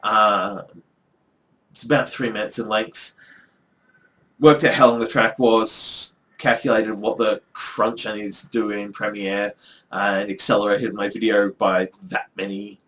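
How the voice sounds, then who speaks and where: A middle-aged man who is both a vlogger and an academic chats casually to the camera, rambling with lots of ums and dry, wry asides. His voice sits on the low side but sounds fairly bright, with a level tone and unhurried delivery.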